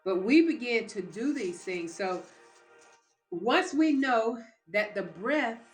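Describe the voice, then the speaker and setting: A woman's voice: on the high side, animated, takes it slowly, faint music behind. Female motivational speaker, emphatic and preacher-like; roomy recording. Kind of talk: live motivational talk.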